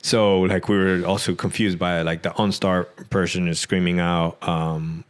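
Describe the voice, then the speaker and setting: Male podcast guest, low voice, loose rambling storyteller, lots of fillers. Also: level tone, normal speed, hardly any pauses, clean tone. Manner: rambling, many "like" fillers, acts out quotes. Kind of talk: casual storytelling.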